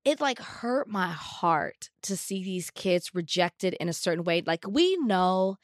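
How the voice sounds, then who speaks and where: A woman's voice: on the low side, very animated, unhurried, dry recording, studio quality. A woman co-hosting a casual talk show, telling a personal story in an earnest, emphatic way. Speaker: co-host. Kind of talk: casual chat.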